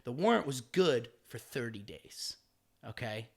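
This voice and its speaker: A man's voice: mid-range voice, measured pace, gravelly, husky. A man in his thirties with an American accent, a comedian and podcast guest telling a long story casually, swearing freely and acting out the voices of the people in it. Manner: animated, swearing, acts out quoted voices.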